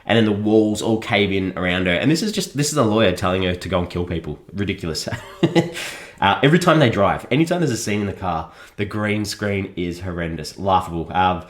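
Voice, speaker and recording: A man's voice: deep voice, expressive, fairly quick. A man casually reviewing a film on a podcast, chuckling often as he mocks what he saw. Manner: chuckles often, mocking and critical.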